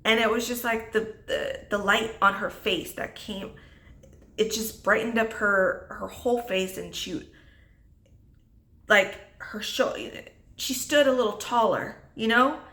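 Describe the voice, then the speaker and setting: A woman vlogger giving a heartfelt, emotional talk to camera, halting and earnest, with many restarts. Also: mid-range voice, fairly bright tone. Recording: echoey room.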